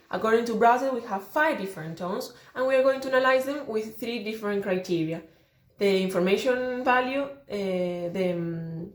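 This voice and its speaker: A young woman student giving an oral exam presentation on phonology, explaining carefully and correcting herself as she goes. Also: fairly high pitch. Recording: roomy echo.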